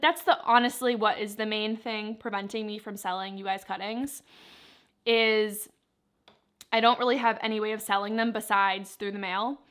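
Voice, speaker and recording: A woman's voice: on the high side, fairly bright tone, clean tone. Chatty young woman eating on camera. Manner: chatty, apologetic, eats between answers. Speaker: plant vlogger. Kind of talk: casual Q&A while eating.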